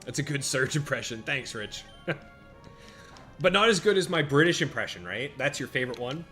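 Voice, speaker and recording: A man giving casual live-stream commentary while playing a monster-battle game, chatting with viewers by name and reacting out loud to each turn. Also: medium pitch, animated, normal speed. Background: faint game music.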